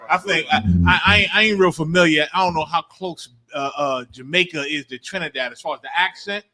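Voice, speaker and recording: A man with a high, bright voice tells an animated story in a casual panel talk. His delivery is lively and conversational. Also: brisk. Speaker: panel guest.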